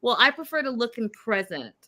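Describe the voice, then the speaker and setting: A woman hosting a casual recap of a reality show, animated and talking straight to her viewers. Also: fairly high pitch, brisk. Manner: animated, addresses viewers directly. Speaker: show host.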